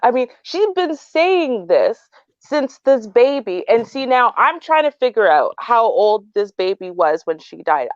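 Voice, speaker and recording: Incredulous woman commentator, smooth voice. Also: mid-range voice, no room sound, lo-fi sound. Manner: incredulous, reasoning aloud. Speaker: podcast commentator. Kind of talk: casual commentary.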